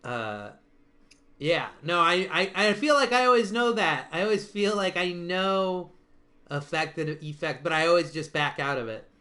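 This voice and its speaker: A man with a bright, fairly high voice hosts a casual online chat. He rambles, restarts his sentences and laughs often. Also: lively intonation, moderate pace. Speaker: stream host.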